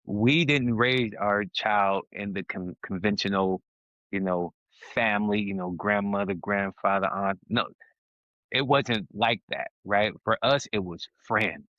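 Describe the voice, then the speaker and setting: A man's voice: lowish voice, a little slow, a bit bright, no echo. A man co-hosting a podcast in casual conversation, talking emphatically and often restarting his sentences as he gets heated. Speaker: podcast co-host. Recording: dull, lo-fi and dry.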